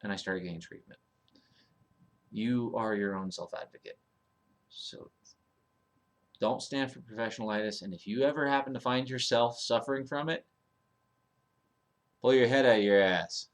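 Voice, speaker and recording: A man's voice: mid-range voice, normal speed, long pauses. A man giving a casual ranting monologue as a vlogger. He talks bluntly, swears, and rambles with fillers and restarts.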